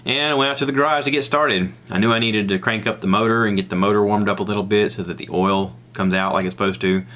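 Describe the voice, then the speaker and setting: Rambling Southern man telling stories. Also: quick pace. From American South. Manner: rambling, animated, acts out others' lines in a high voice. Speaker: podcast host. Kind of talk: casual solo storytelling.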